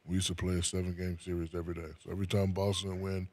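A man from New Jersey, a guest in a casual interview, talking in a relaxed way and often repeating his first words. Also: low-pitched, racing.

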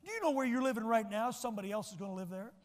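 A man's voice: sits high, expressive, very fast, long reverb tail. A man preaching a sermon as pastor, telling personal stories and building to emphatic lines. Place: church sanctuary.

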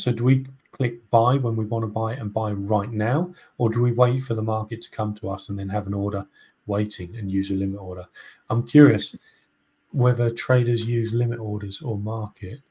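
Husky man explaining trades casually. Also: on the low side, moderate pace. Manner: relaxed, explains with restarts and fillers. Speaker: co-host trader. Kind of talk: casual trading chat.

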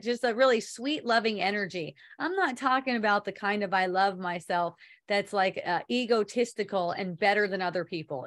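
A woman's voice: medium pitch, a bit bright. A woman giving an online spiritual talk, rambling loosely, laughing often, swearing casually and reading viewer comments aloud.

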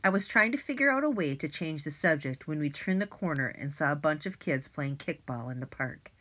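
Expressive woman reading an audiobook. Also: sits low, a little fast. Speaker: audiobook narrator. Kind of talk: scripted narration.

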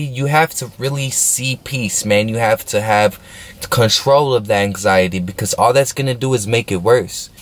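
Young man, mid-pitched voice, casual slangy storytime vlogger, rambling and laid-back. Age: young adult. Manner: slangy, rambling, keeps asking "you know what I'm saying"; laid-back, smoking while talking.

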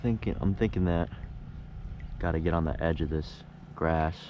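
A young man on a kayak, fishing and chatting casually to his viewers, easily excitable and quick to groan over his mistakes. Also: low voice, muffled recording. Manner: excitable, swings from quiet musing to loud frustrated outbursts. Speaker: fishing vlogger. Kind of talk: casual running commentary. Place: on a kayak on a lake, outdoors. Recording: outdoor camera audio with steady background noise.

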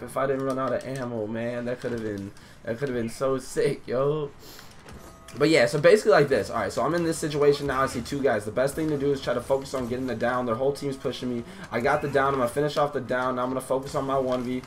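A man's voice: medium pitch, steady tone, fast talker. Young man, gaming commentary, slangy hype banter, mid-range voice, faint room hum behind. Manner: hyped slangy banter, loud outbursts. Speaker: gaming YouTuber. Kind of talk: live gameplay commentary.

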